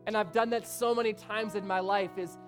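A man preaching a sermon in a church, lively, rising toward a shout, peppered with rhetorical questions. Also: sits high, brisk. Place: church sanctuary. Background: faint instrument music.

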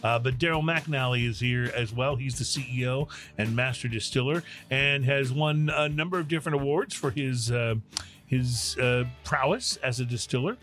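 A man's voice: medium pitch, normal speed, fairly bright tone, faint music behind. A man hosting a casual talk show, chatty and easygoing, with many fillers and restarts. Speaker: host. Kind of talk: casual radio show chat.

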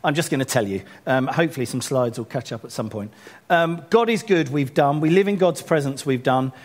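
Handling the announcements at a church gathering, a male pastor jokes at his own expense and gets fired up when rallying the congregation. He speaks briskly at a medium pitch.

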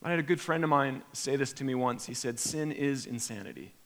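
A man delivering a sermon in a mid-pitched voice that carries a long reverb, as from a large hall. He is animated, often acting out imagined prayers with sudden jumps in pitch and loudness, then dropping back to a low, quiet tone. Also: fast. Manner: animated, acts out imagined prayers with sharp rises in pitch and volume. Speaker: pastor.

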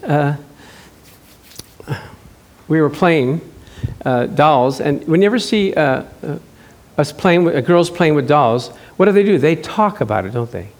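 A man with a high voice preaches a sermon in a relaxed, conversational way. He draws words out slowly when he stresses scripture and slips into brief back-and-forth dialogues to make a point. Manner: animated, acts out short dialogues. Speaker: pastor.

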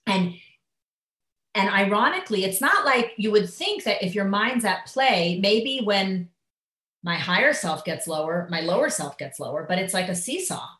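A woman gives a live lecture to a class in an echoey room. She talks in a lively, loose way, full of fillers, and acts out the inner voices she describes. Her voice sits at a middle pitch. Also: moderate pace. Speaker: teacher. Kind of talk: live lecture on Jewish thought. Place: classroom at a school.

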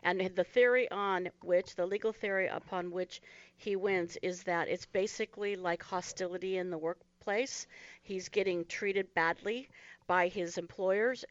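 A woman's voice: mid-range voice, no echo, dull audio. A woman co-hosting a legal radio talk show, reasoning aloud in a matter-of-fact way. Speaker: co-host. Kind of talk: casual panel chat.

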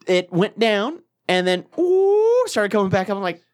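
A man recounting a wild story in a loose, casual way. He laughs through his lines and his voice leaps up when the tale gets excited, then drops low and grumbly for the quieter parts. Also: normal speed. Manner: laughs through crude anecdote, animated swings up when excited.

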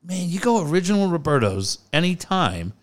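Man, middle-aged, from San Diego, casual podcast chat, rambling, a bit high voice. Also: moderate pace. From San Diego area, US. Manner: animated, swearing, rambling.

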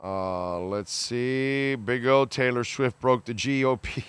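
Hosting a casual call-in radio show, a man reads listener messages aloud and gives blunt, opinionated takes, swearing casually and calling people bro. His mid-range voice is slow, a bit bright and smooth, with no echo.

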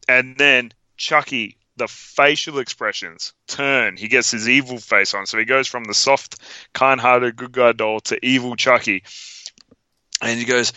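A man co-hosting a podcast in casual, animated chat, teasing and retelling scenes. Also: unhurried, clear, resonant tone, dry recording. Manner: animated, teasing, jumps into high voices. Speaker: podcast co-host.

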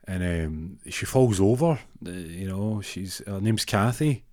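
A man's voice: sits low, expressive, unhurried, darkish tone, dry recording, clean studio sound. A man telling a funny story in a rambling way, full of fillers and restarts. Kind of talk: comic storytelling.

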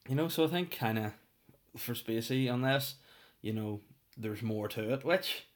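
A man's voice: mid-range voice, unhurried. A young man, telling a crude, rambling comedic monologue on a podcast.

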